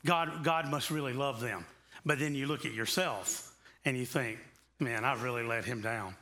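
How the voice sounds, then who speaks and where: A pastor preaching a conversational sermon in a church, moving between easy asides and passionate emphasis. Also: male voice, mid-range voice, moderate pace, pushed and bright. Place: church sanctuary.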